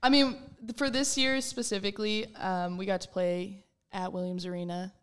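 A woman's voice: mid-range voice, level tone, moderate pace, clear, resonant tone. A young woman from Minnesota, a college basketball player, chatting in an interview in a bubbly way and laughing often. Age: young adult. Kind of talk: casual interview.

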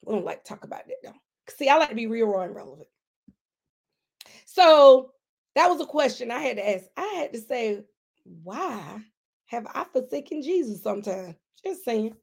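A woman with a high voice preaches a conversational sermon. She talks straight to her listeners, stresses key lines hard and then drops into quiet asides. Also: expressive, normal speed, creaky, pauses often. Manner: emphatic, addresses listeners directly; swings between loud emphasis and quiet asides.

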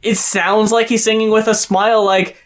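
A man chatting casually about an album, profane and animated, laughing often. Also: sits high, normal speed. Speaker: podcast co-host. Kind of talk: casual album review chat.

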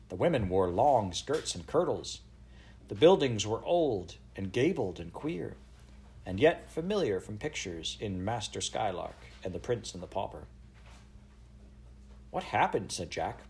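A man's voice: fairly low pitch, darkish tone, husky. A man reading a children's novel aloud, expressively giving voice to each child's lines. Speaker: audiobook narrator. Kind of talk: storybook read-aloud.

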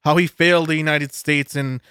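A cynical man on a podcast, fired up and cursing through a long rant. His voice is a touch higher than most men's. The sound is close and dry. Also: steady tone, normal speed, sharp tone, smooth, no room sound. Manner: fired-up, cynical, swears heavily. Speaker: podcast co-host. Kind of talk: casual profane rant.

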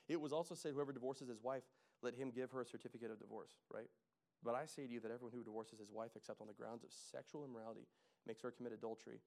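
Man, pastor, casual sermon, jokey asides, loud emphatic peaks, mid pitch. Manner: casual, joking, builds to loud emphatic preaching.

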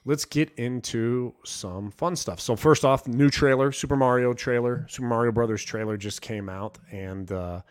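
Casting note: laid-back male cohost, mid-pitched, chatty and loose, lots of bro and dude. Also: moderate pace, hardly any pauses, clear, resonant tone. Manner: easygoing, filler-heavy, says bro and dude. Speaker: podcast cohost. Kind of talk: casual chat.

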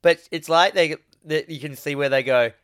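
A man's voice: a little high, moderate pace, a bit bright, clear, resonant tone, no room sound, studio quality. A man co-hosting a podcast, casually recapping a film scene by scene and rambling as he goes. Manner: rambling, quotes scenes in put-on voices. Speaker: podcast co-host.

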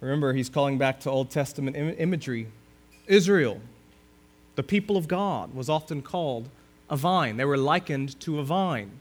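A man preaching a sermon who reads scripture slowly and leans hard on key phrases, often dropping to a hushed tone. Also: medium pitch, animated. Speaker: pastor.

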